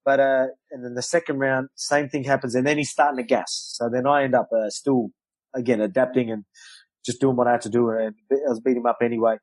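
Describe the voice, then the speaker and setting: Male guest, lively storyteller, swears freely, dry close mic. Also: medium pitch, a little fast, no echo, rough recording. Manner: animated storyteller, loose swearing, acts out quotes. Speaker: guest, professional fighter. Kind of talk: storytelling in casual interview.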